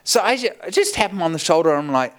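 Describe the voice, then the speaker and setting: Male pastor, storytelling sermon, animated, laughs often, slightly high voice. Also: racing.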